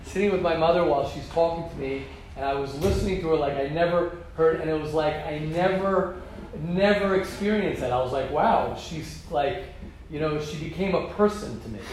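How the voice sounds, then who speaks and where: A middle-aged American man giving an informal religious lecture to a group in a study hall, animated and repetitive, acting out quoted speech. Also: a little high, normal speed. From United States. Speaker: Torah class teacher. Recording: roomy hall, faint ambient noise.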